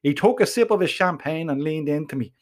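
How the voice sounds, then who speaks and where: A man with a thick Dublin Irish accent tells his story in first person, earthy and full of swearing and local slang. His voice sits a little on the high side for a man. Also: lively intonation, a little fast. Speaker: narrator. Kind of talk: first-person audiobook narration.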